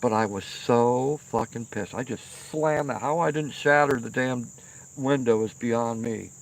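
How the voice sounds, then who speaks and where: A man's voice: medium pitch, unhurried, gravelly, a little hiss or hum. A middle-aged man hosting a livestream, telling a rambling, profane story outdoors and often checking in with "okay?". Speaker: livestream host. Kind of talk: casual storytelling. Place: outdoors by a fire pit at night.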